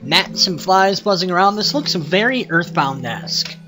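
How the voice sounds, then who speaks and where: A man's voice: high voice, very animated, moderate pace, music in the background. A man hosting a let's play, reading the game text aloud with wry, profane asides.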